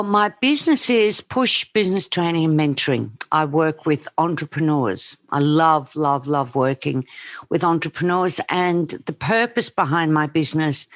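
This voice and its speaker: A woman's voice: sits low, dry recording. A middle-aged Australian woman, a business coach, telling her story in an earnest, passionate way over a remote call. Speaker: business coach, podcast guest. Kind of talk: casual interview.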